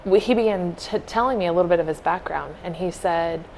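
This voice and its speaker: A woman co-hosting a podcast, telling a heartfelt story in an earnest, casual way and softly acting out what people said. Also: on the low side, a little fast, a little hiss or hum, rough recording. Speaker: podcast co-host.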